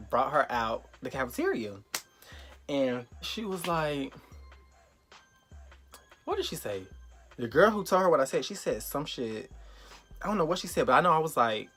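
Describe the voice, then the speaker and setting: A young man telling a storytime vlog, animated and profane, acting out the quotes loudly. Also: on the high side. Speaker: vlogger.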